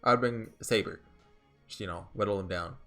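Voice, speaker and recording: A man's voice: lowish voice, normal speed, a bit bright, soft background music. A man in casual gameplay commentary, rambling with lots of fillers and restarts. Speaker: game streamer.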